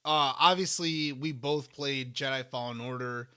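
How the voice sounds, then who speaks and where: A man's voice: mid-range voice, fairly even intonation, unhurried, pushed and bright, clean tone. A man co-hosting a casual eating podcast, rambling and restarting as he talks with food in his mouth. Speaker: podcast co-host. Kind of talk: casual chat while eating.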